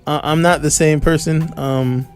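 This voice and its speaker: A man on a radio talk show tells a story in a loose, animated way, his voice sitting a little high. He talks into a studio microphone with faint music playing underneath. He acts out what people shouted at him. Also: measured pace, clean tone.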